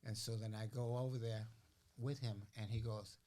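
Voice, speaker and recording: An older man, a guest on a podcast, telling stories in a casual, animated way. He acts out the voices of the people he quotes and keeps asking "you know what I'm saying?". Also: on the low side, moderate pace. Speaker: interview guest. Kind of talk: casual storytelling.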